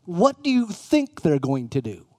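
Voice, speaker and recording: A man's voice: high-pitched, wildly swooping pitch, a little slow, dark tone, no echo, clean studio sound. A middle-aged man preaching a conversational sermon, often putting questions to his listeners. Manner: conversational, asks the room questions.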